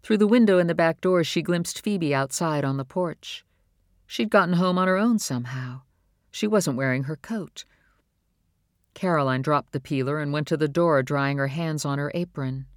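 An audiobook narrator reading a novel in a measured, even storytelling voice on a close studio mic. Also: medium pitch, dry recording. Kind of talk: scripted narration.

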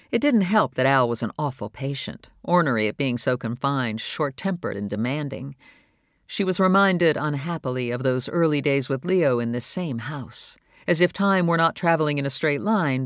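An audiobook narrator reading a novel in a measured, even storytelling voice on a close studio mic. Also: medium pitch, no echo. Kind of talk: scripted narration.

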